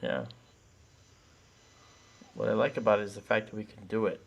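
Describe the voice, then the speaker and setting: A man hosting a live telescope stream in casual chat, very tired, talking in a relaxed way with many fillers. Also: on the low side, moderate pace, creaky, muffled recording. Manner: relaxed, thinks aloud with fillers. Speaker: livestream host running a telescope.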